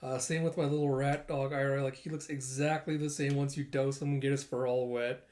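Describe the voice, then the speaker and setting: A manga reader narrating a comic chapter casually, animated and giggly, reading out sound effects. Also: mid-range voice, brisk. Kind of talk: casual comic read-through.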